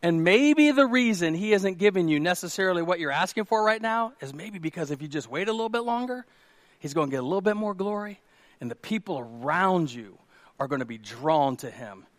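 A man preaching a sermon as pastor, swinging from loud urgent exhortation to hushed prayerful tones in a church room. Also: high voice, expressive, brisk, no echo.

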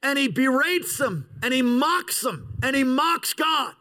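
A man in his fifties delivers a sermon with a high, bright, sharp-edged voice. He swings his pitch widely, lurching into shouts and then slowing to a drawn-out crawl to hammer each point home. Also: rough recording. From United States. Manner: animated preacher, bursts into shouts, slows for emphasis. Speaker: pastor.

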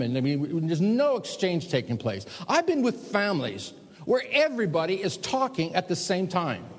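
Husky-voiced man preaching in a big hall. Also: on the high side. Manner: animated preaching, big swings between loud and hushed. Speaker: pastor. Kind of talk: sermon. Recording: long hall reverb.

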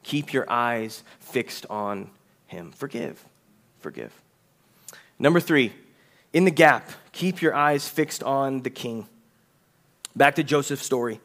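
A male pastor preaching a conversational sermon, reading scripture aloud, asking the congregation questions and slowing down for emphasis. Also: medium pitch, expressive, a bit bright.

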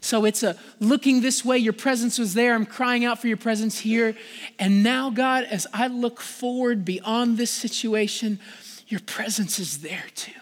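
A man's voice: steady tone, measured pace. A man preaching a sermon in a casual, conversational way, full of "like", growing passionate and pleading at moments. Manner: passionate, rising in pitch and volume when pleading. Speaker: pastor. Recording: long reverb of a large hall.

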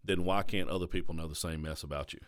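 Speaking in a low-sitting, steady voice, this Southern American pastor hosts a podcast with casual, earnest and confessional talk. He frequently checks in with listeners using a quick question tag.

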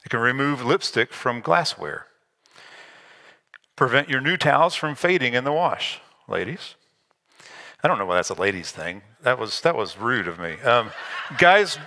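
With a sharp-toned, mid-range voice, a pastor works through scripture during his sermon, keeping it conversational. Every so often he drops in a self-deprecating aside.

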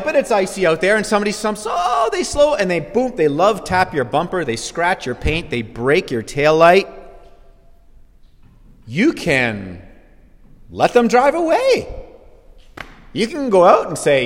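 A man preaching a sermon as pastor, swinging from quiet asides to shouted exclamations. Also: sits high, sing-song, moderate pace. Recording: long hall reverb.

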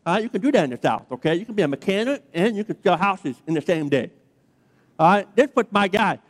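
A high-pitched man preaching a sermon, his voice ringing out with a long reverb in a big church sanctuary. He chats through a story, keeps checking in with the crowd with "okay?", then leans into emphatic preaching. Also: animated, fast. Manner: chatty storytelling, checks in with "okay?" and "all right?". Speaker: pastor. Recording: long reverb of a large hall.

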